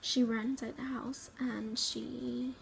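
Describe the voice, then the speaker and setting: A woman from the Rio Grande Valley in Texas, telling a personal story at home in a halting, rambling way, full of ums and likes, sometimes dropping to a near whisper. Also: fairly high pitch, little pitch movement, vocal fry, a little hiss or hum, rough recording. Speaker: vlogger.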